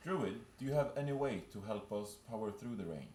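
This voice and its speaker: A man's voice: lowish voice, animated, a little fast, a little mellow, reverberant, a little hiss or hum. A man playing a cleric character in a tabletop game, blunt and bargaining. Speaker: player. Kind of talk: in-character role-play.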